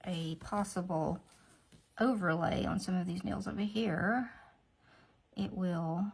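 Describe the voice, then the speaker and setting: A woman's voice: lowish voice, takes it slowly, creaky, husky. A woman chatting casually through a nail tutorial, rambling with asides to herself. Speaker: nail art vlogger.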